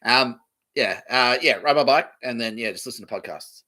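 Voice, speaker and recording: A man's voice: medium pitch, moderate pace, pushed and bright, rough recording. An Australian man hosting a podcast, rambling casually with plenty of swearing and chuckles. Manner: profane, meandering, chuckling. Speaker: podcast host.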